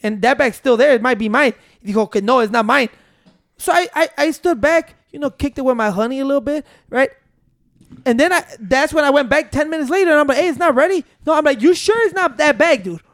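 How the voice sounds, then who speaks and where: High-pitched guy rambling thru a story, swears a lot, dry close sound. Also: lively intonation, a little fast, no echo. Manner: rambling, profane, mixing in Spanish, keeps saying "wait". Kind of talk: casual storytelling among friends.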